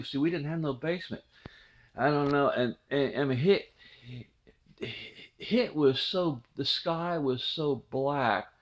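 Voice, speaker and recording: A man's voice: mid-range voice, a little slow. A middle-aged man, casually telling a memory, rambling and repeating words. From southwest Ohio. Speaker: channel host telling a memory. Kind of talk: casual storytelling.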